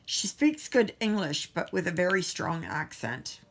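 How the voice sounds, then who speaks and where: A woman's voice: on the low side, big pitch swings, a little slow. A middle-aged Canadian woman chatting casually while crafting, rambling and often breaking off mid-sentence. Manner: rambling, self-interrupting, chatty. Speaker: craft vlogger.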